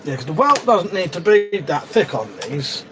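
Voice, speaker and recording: A man's voice: high-pitched, very animated, moderate pace, background noise. A man hosting a casual live stream from his shed, rambling and swearing offhandedly as he chats to viewers. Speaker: livestream host. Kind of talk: casual live-stream chat while crafting. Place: shed, outdoors.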